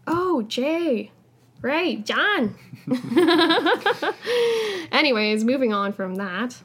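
Woman co-host, chatty and giggly, voice a touch high, casual podcast banter. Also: animated, drawn-out words, a bit bright, a little hiss or hum. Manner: chatty, giggly, self-mocking. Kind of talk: casual chat.

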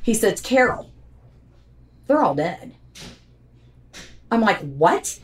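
A woman's voice: mid-range voice, expressive, measured pace, pauses often. A woman telling, in her own words, what happened to her family, blunt and repeating herself under strain. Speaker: interviewee recounting a family tragedy. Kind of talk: emotional first-person recounting.

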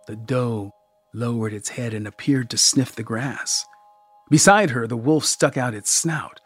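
A man narrating a first-person story in a measured, expressive audiobook style. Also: on the low side, soft background music.

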